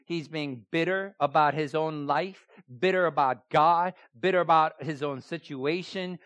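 Guy preaching a sermon, takes his time, pretty high voice, dry close sound, keeps asking the crowd questions. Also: fairly bright tone, dry recording. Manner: asks the listeners many rhetorical questions; emphatic, slow, repeating key phrases. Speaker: pastor.

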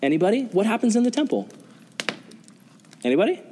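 A man's voice: high-pitched, sing-song, quick pace, mellow, slight background noise. A young man preaching a sermon to a youth group, earnest, often asking the audience questions. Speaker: youth pastor. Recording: long reverb of a hall.

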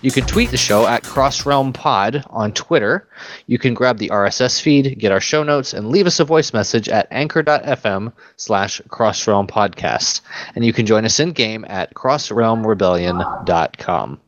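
A man hosting a gaming podcast reads out the show's announcements plainly, then drops into easy banter with his co-hosts. His delivery is steady and unfussy. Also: on the low side, normal speed, dry recording, faint music behind. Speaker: podcast host. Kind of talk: reading show announcements.

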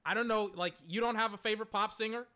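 A man chatting casually and excitably, rambling, swearing and exclaiming, his voice cracking. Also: high voice, fast. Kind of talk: casual chat.

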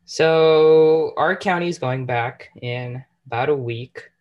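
A man's voice: on the high side, slow pace, a little mellow, dull audio, a little hiss or hum. A teenage boy hosting a casual chat, teasing his friends and laughing often. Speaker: podcast host.

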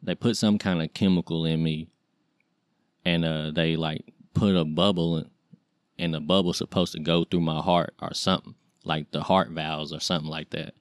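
Deep flat-voiced man telling his story. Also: moderate pace, dry recording, studio quality. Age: 30s. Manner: loose, rambling, slangy, many fillers. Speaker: podcast host. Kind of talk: casual personal storytelling.

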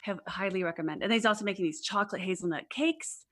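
A chatty woman hosting a podcast, telling a history story in a relaxed, conversational way. Her voice sits at an ordinary middle pitch, and she drops in playful jokes and asides as she goes. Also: fast. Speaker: podcast co-host.

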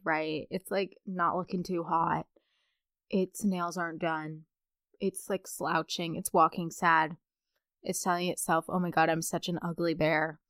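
A woman's voice: fairly low pitch, gravelly, a bit bright, no room sound, studio quality. A young adult woman hosting a casual solo podcast, chatting in a rambling way with playful asides. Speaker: podcast host.

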